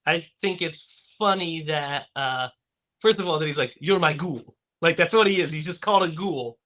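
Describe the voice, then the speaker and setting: Male podcast host, slightly high and bright, loose and rambling delivery with lots of "um" and "like.". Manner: rambling, filler-heavy, quick to laugh. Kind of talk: casual movie-review chat.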